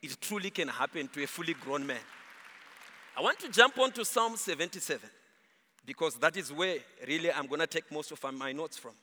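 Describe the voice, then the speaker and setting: In a church whose large hall gives a long ringing reverb, a man with a high, bright voice preaches fairly quickly, with some chatter in the background. His animated sermon swings widely in pitch, rising and falling, and he sometimes half-sings his points for emphasis.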